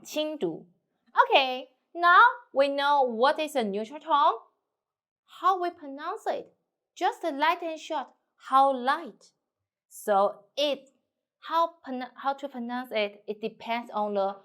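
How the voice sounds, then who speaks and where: A woman with a Mandarin Chinese accent teaching a language lesson at a slow, unhurried pace. Her voice sits a little high, and her simple English runs in a singsong way as she models each tone. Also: a bit bright.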